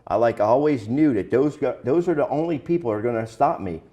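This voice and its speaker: A man's voice: medium pitch, lively intonation, fast, mellow. A man speaking as an interview guest, candid and plain-spoken, telling his own story in a casual, conversational way with some slang.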